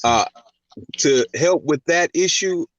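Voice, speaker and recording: A man's voice: fairly high pitch, animated, takes it slowly, no echo, muffled recording. A man co-hosting a casual chat, teasing playfully and laughing often. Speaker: co-host.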